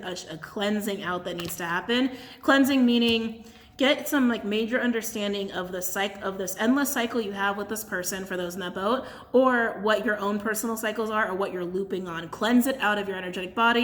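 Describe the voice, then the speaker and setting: A woman's voice: medium pitch, a little fast, fairly bright tone. A woman doing a casual channeled tarot and crystal reading to her camera, chatty and blunt, laughing often.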